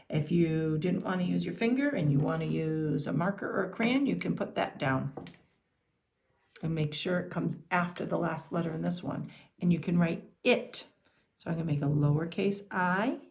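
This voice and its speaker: A woman teaching young children to sound out and write simple words, speaking slowly and clearly. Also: on the low side, a little mellow. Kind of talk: early-reader phonics and handwriting lesson.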